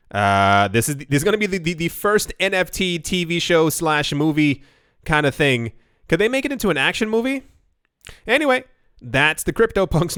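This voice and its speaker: Man, casual news host, rambling and joking, fairly high smooth voice, dry close sound. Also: a bit bright, no room sound. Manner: chatty, rambling asides and self-deprecating jokes.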